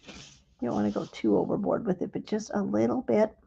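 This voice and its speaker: A woman hosting a live crafting demonstration and explaining each step gently and without hurry. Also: mid-range voice, a little fast, vocal fry, lo-fi sound, a little hiss or hum. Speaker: craft instructor.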